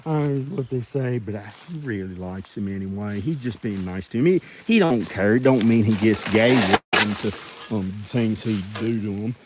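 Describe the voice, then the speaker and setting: A man rambling and joking casually to viewers as he clears out old junk. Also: fairly low pitch, normal speed, heavy background noise. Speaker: video creator.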